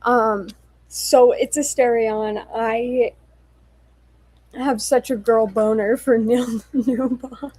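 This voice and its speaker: Young woman streamer, a little tipsy, unhurried and giggly, dry close sound. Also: a little high, fairly even intonation, dark tone, slightly rough, no room sound, poor audio. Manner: giggly, apologetic, swears casually. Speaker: livestreamer. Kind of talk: casual livestream chat reading viewer comments.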